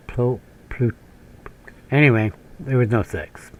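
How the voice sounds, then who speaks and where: A man's voice: mid-range voice, expressive, unhurried, muffled recording. Rambling, cursing man on a game stream. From northern Minnesota, USA. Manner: meandering, profane storytelling with frequent laughs and tangents. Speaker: gaming channel host. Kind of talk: rambling commentary during gameplay.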